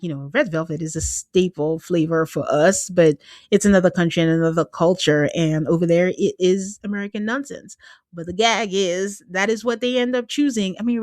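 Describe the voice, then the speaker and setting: A woman talks through a reality show episode in a chatty, sarcastic style, slipping into quick impressions of the people she quotes. Her voice sits at an ordinary middle pitch. The sound is close and dry, with no room around it. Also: no room sound. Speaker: podcast host. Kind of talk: casual reality show recap.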